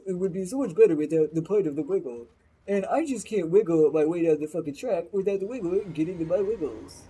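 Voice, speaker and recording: Husky-voiced swearing male gamer streamer. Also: on the high side, animated, brisk, warm tone, low-quality recording. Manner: swears constantly, rants in frustration at the game. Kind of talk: live gaming commentary.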